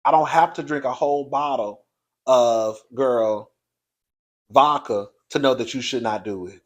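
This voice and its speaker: A man hosting his own video show, giving a blunt, profane, animated commentary straight to his viewers. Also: medium pitch, a little slow. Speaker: online show host reviewing reality TV.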